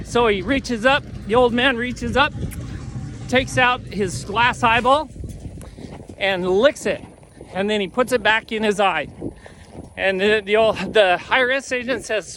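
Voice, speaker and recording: Bright-voiced man telling a joke on horseback. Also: high voice, a little slow, a little hiss or hum. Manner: folksy storytelling. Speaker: horse trainer. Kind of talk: joke telling while riding. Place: outdoors, on horseback.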